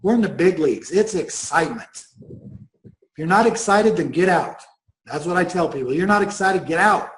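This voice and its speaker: A middle-aged man leads a sales training session. He speaks in a notably high voice with bold, energetic emphasis and a pushy enthusiasm. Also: moderate pace, echoey room, poor audio. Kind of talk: training seminar talk.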